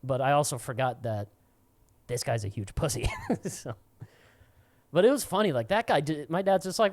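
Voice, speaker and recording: A man's voice: fairly high pitch, animated, normal speed, pauses often, darkish tone, no echo. A young man co-hosting a podcast, telling a crude, rambling story with frequent laughs. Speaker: podcast co-host. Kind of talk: casual storytelling.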